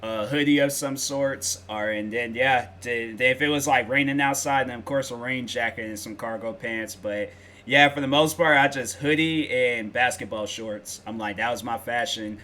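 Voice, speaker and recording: A man's voice: medium pitch, steady tone, moderate pace, sharp tone. A young man hosting a reaction video, talking casually in slang with lots of fillers and rambling stories.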